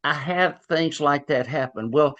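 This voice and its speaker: An older police sergeant, telling folksy stories in an interview and acting out both sides of past conversations. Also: male voice, a little high, unhurried, bright, forceful tone, dull audio. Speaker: police sergeant and child abuse investigator. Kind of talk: storytelling in an interview.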